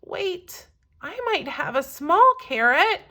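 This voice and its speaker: A woman voicing a shy little girl who speaks softly in a storybook read-aloud. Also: medium pitch, huge pitch swings, takes it slowly, pitched below the performer's own voice, exaggerated voice. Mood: timid. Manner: shy, soft.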